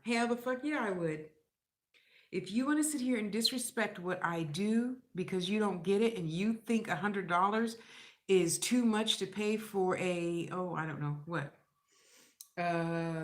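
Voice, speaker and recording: A woman's voice: mid-range voice, unhurried. A middle-aged woman talking straight to camera in a blunt, rambling way, cursing freely and acting out other people's lines. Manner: blunt, profane, rambling and animated. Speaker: vlogger. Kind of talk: casual vlog monologue. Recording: echoey room.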